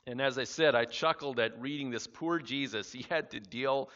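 A man's voice: medium pitch, normal speed, a bit bright. A male preacher reads scripture aloud, then steps back to comment on it in a loose, conversational way. His voice carries a long reverb from a large hall, and the recording sounds muffled and lo-fi. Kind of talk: sermon with Bible reading.

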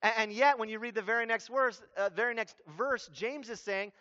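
A man preaching a sermon as a pastor, with humorous and animated delivery. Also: high voice, normal speed, few pauses. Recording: dull lo-fi recording.

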